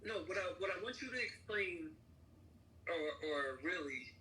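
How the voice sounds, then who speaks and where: Man, high lively voice, bright tone, stammering questions, distant from the mic with faint background noise. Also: unhurried. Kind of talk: casual chat.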